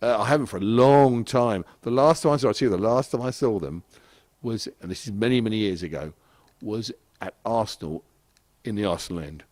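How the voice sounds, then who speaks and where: Rambling middle-aged man, low voice. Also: fairly quick, few pauses, a little mellow, no room sound. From southeast England. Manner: rambling anecdotes with frequent chuckles. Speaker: podcast guest. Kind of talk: casual chat.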